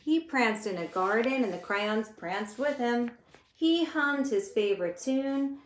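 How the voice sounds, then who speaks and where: Slow, gentle teacher reading a storybook. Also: female voice, a little high. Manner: gentle and expressive, talks to listeners. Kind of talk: reading a picture book aloud. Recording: echoey room with faint noise.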